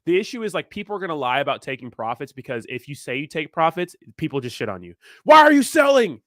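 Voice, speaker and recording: A man's voice: mid-range voice, lively intonation, fast, a bit bright, no room sound, clean studio sound. A young man hosting a crypto livestream, ranting in a fired-up way and answering viewers, often asking "you know what I mean". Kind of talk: live stream chat, reacting to viewers.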